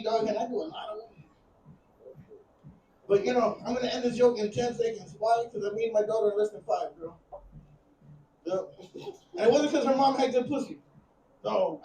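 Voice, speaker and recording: A man in his thirties with a very high voice does a crude, rambling stand-up set. He is out of breath and laughs at his own jokes. He sounds roomy and distant in a club, with a faint hum of ambience behind him. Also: a little mellow. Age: 30s. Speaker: stand-up comic. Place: comedy club stage.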